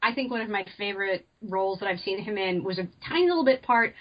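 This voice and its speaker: A woman on a podcast panel, chatting casually and eagerly with quick asides. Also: medium pitch, expressive. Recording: dull lo-fi mic.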